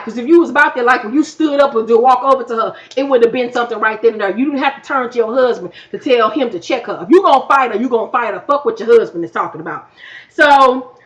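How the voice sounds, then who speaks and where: Woman, blunt profane recap, slightly high voice, worn-out voice, muffled lo-fi audio. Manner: blunt, profane, animated retelling. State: losing her voice. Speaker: YouTube reviewer. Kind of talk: casual TV recap.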